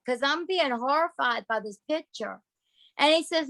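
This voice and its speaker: A woman's voice: high-pitched, lively intonation, moderate pace, fairly bright tone, dry recording. A woman telling a personal story in a folksy, emphatic way, speaking straight to her listeners. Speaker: guest sharing testimony.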